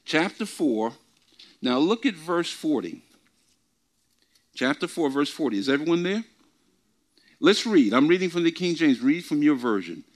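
A man teaching from the Bible before a group, often asking questions and repeating his words, reading scripture slowly with emphasis. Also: on the high side, sing-song. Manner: asks the congregation questions and repeats himself. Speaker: preacher. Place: church meeting before a group.

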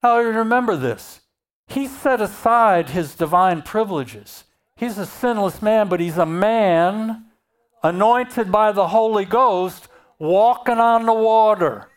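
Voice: mid-range voice, slow pace. A preacher giving a sermon, reading scripture aloud and then explaining it and repeating key phrases.

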